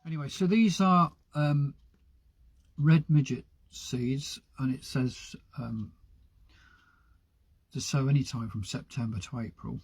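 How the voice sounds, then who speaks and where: A chatty man runs his weekly gardening live stream from a greenhouse, talking half to himself as he works. His voice sits at an ordinary middle pitch, and a faint hiss of background noise runs under it. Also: slow, darkish tone. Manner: chatty, rambling, talks to himself while potting. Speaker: gardening channel host. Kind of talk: casual live-stream chat while working.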